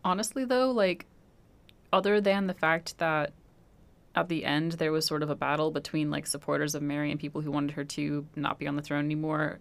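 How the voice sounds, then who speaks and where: A young woman co-hosts a casual podcast chat about a film. Her voice sits very low and carries plenty of vocal fry and gravel. She reasons things through in a thoughtful, talkative way. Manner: thoughtful, analytical, chatty. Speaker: podcast co-host.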